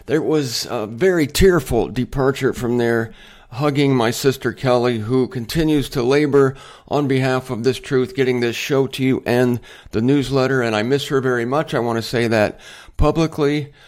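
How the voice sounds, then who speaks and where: A man's voice: mid-range voice, normal speed, a little mellow. A man hosting a Bible teaching show, chatty and digressive, with self-deprecating humor and emphatic points. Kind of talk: casual Bible teaching monologue.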